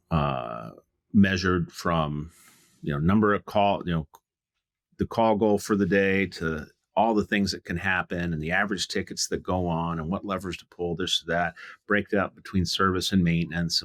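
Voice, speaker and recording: A middle-aged man with a very low voice talks through his experience as a business owner in a frank, rambling way, often restarting his sentences. The sound is dry and close. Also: fairly bright tone, no room sound. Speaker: guest, home services business owner. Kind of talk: conversational interview answers.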